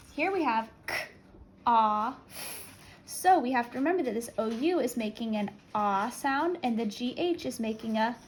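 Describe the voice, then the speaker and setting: A woman teaching a spelling lesson, dictating each word slowly and counting down before going over the letters. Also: on the high side, a little hiss or hum, rough recording. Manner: slow, clear, deliberate word-by-word dictation with countdowns.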